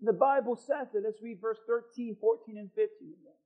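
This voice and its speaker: A man preaching a sermon as pastor, swinging from loud, emphatic lines to hushed ones. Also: high-pitched, a little fast. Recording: thin phone-like sound.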